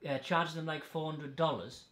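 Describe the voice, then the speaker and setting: A man's voice: a little high, steady tone, fairly quick, a bit bright. A man hosting a podcast, telling stories in a blunt, sweary, casual way. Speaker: podcast host. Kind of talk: casual chat. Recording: echoey room.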